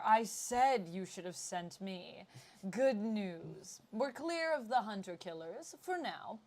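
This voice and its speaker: A woman's voice: medium pitch, a little mellow, natural voice. A woman doing a flamboyant male supervillain.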